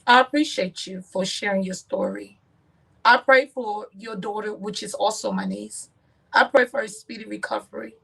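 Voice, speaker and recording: A woman's voice: mid-range voice, normal speed, vocal fry, a bit bright, husky, low-quality recording. A woman host, earnestly pleading with viewers and praying for them. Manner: earnest, prayerful, repetitive.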